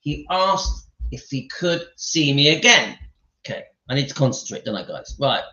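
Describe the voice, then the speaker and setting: A man's voice: medium pitch, very animated, normal speed, pushed and bright. A man reading a story aloud on a live stream, breaking off for chatty asides to his viewers. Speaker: channel host reading a book aloud. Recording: echoey dull-sounding room.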